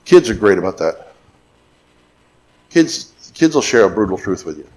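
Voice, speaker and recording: A man's voice: lowish voice, big pitch swings, normal speed, darkish tone. A middle-aged man preaching a sermon as pastor, mixing emphatic repetition with joking stories.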